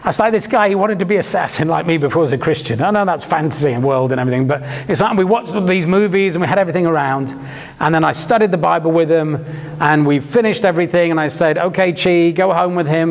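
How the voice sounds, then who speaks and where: A man's voice: on the high side, creaky, big-room sound. A man preaching a sermon, telling stories animatedly and acting out the lines he quotes.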